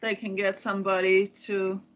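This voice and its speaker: A woman's voice: mid-range voice, little pitch movement, moderate pace, a bit bright, muffled recording. A woman appearing as a guest on a casual discussion podcast, offering tentative, trailing thoughts.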